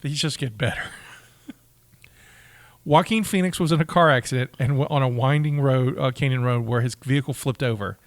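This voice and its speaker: On a dry recording, a man with a medium pitch talks at a normal speed as he co-hosts a podcast. Enthusiastic and casual, he reads out trivia, tripping over words and laughing as he goes.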